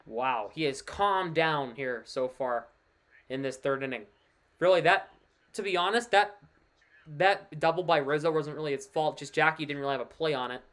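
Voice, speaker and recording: Man, fairly high voice, casual baseball play-by-play, chatty, excitable on big plays. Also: normal speed. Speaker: play-by-play streamer. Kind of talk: casual live play-by-play commentary.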